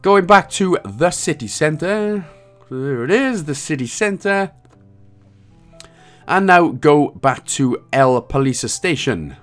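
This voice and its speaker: Lively jokey man narrating a game walkthrough. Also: a little high, slow, faint music behind. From Wales. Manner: casual, jokey, reads out dialogue in put-on voices. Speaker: game guide creator. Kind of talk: walkthrough commentary.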